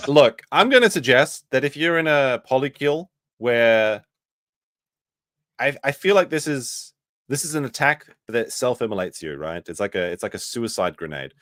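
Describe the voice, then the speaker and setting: Sarcastic man reacting with loud outbursts. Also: medium pitch, expressive, normal speed, no room sound. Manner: sarcastic, swings from loud outbursts to mumbled asides. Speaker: commentary streamer host. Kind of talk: reacting to a played stream clip.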